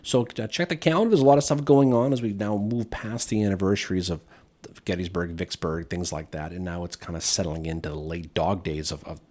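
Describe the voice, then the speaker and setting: A man's voice: low voice, a little fast, a little mellow. A man co-hosting a history podcast in casual chat, upbeat and joking as he wraps up the show. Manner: upbeat, wrapping up the show with jokes. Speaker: podcast co-host.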